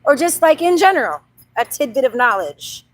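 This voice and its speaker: A high-voiced woman in her forties talks casually on a phone live stream during an outdoor walk. She is animated and chatty and laughs easily, with a faint hum of open air behind her. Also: normal speed, low-quality recording. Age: 40s. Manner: chatty, animated, laughs often, reads viewer comments aloud. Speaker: livestream host. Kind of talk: casual live chat while walking. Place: outdoor trail on a dog walk.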